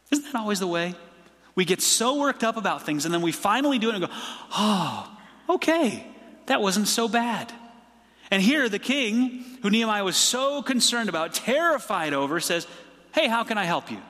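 A man preaching a sermon as pastor, in a conversational, lively storytelling way, acting out quoted voices. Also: fairly high pitch, long reverb tail.

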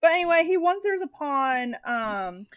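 A woman's voice: sits high, big pitch swings, normal speed, a bit bright, dry recording, lo-fi sound. A woman in her thirties chatting casually on a podcast, rambling with lots of fillers and swearing freely. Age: 30s. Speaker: podcast co-host. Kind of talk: casual movie recap chat.

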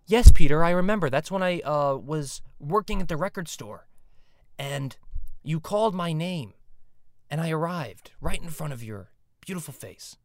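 A man voicing a calm, patient Jesus figure who answers gently. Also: a little high, moderate pace, no room sound, studio quality. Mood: gentle. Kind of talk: parody voice acting.

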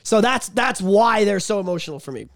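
A man with a notably high voice co-hosts a casual podcast, swearing freely and laughing as he talks. The sound is dry and close to the mic, with no room around it. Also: a little fast, vocal fry, dry recording. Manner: profane, animated, laughs often. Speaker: podcast co-host.

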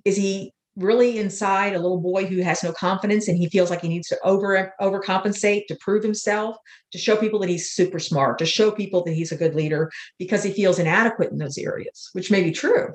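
An older woman, an author and interview guest, talking in an earnest, unhurried way and telling spiritual stories. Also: mid-range voice. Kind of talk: reflective interview talk. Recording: roomy echo.

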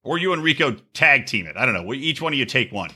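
Husky-voiced man cracking profane jokes. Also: medium pitch, very animated, pushed and bright. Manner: profane, joking, quick asides. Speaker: podcast co-host. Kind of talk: casual chat.

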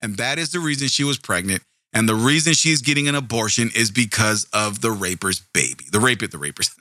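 A man rants in a casual, profane commentary, his bright, edgy voice heavy with indignation and sarcasm. The sound is close and dry, with no room around it. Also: a little high, fast, hardly any pauses, no room sound. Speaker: commentary video host.

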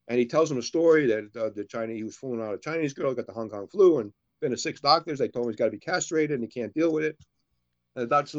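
A man's voice: mid-range voice, fast. A man co-hosting a casual show, telling long jokes and putting on voices for the characters in them. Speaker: co-host. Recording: dull lo-fi sound.

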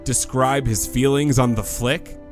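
A man's voice: medium pitch, steady tone, a little slow, faint music behind. A man co-hosting a podcast, chatting casually about a film and acting out quotes with quips. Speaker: podcast co-host. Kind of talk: casual movie review chat.

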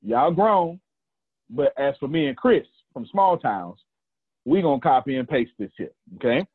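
Southern man in his forties, husky voice, dry phone-like call audio, folksy motivational coach. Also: fairly high pitch, very animated, unhurried, dry recording. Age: 40s. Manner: folksy, repeats phrases, counts down, teases listeners. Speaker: coach hosting a group call. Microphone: video call.

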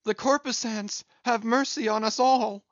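A man voicing Stubb, a brash, jocular ship's mate given to loud oaths and exclamations. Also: mid-range voice, very animated, unhurried, no room sound, dull audio. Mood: startled. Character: Stubb, brash joking male second mate.

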